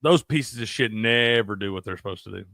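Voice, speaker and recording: A man's voice: fairly low pitch, a little fast, creaky, dry recording, clean studio sound. A man co-hosting a casual sports betting chat, cursing freely and laughing often. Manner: profane, animated, laughs a lot. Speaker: sports betting show co-host.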